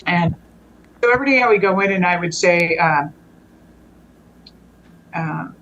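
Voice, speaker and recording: Fairly low-pitched and a bit bright, a woman speaks at a measured pace over dull audio. Appearing as a guest on the show, she rambles through a long, earnest personal story, often restarting and correcting herself.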